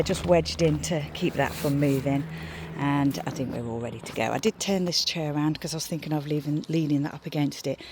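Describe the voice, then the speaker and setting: A woman's voice: low voice, darkish tone, slight background noise. A middle-aged woman from the UK vlogging about packing her campervan, chatting along and cooing at her dogs in a sing-song voice. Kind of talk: casual vlog narration. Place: beside her campervan, outdoors.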